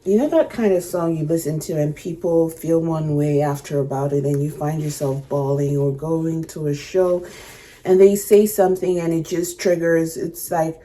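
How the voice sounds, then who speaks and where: A woman hosting a reaction video, talking to camera in a halting, emotional way, often stopping to search for words. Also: sits low, steady tone, warm tone. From Canada. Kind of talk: reflective casual talk to camera.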